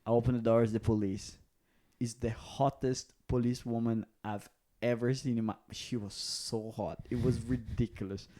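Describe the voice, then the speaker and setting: In casual podcast talk, a Brazilian-accented comedian and co-host recounts stories, doing animated impressions of the voices he quotes. He speaks in a mid-range voice at a moderate pace.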